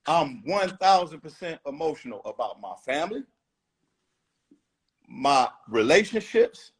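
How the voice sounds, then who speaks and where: A man's voice: a little high, very animated, measured pace, breathy edge. A man talking as a rapper guest in a casual interview, blunt, emphatic and profane.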